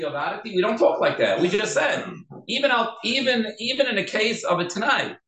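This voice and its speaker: A man teaching a casual Torah class, animated and acting out the quotes and dialogue he discusses. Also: fairly high pitch. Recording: echoey room.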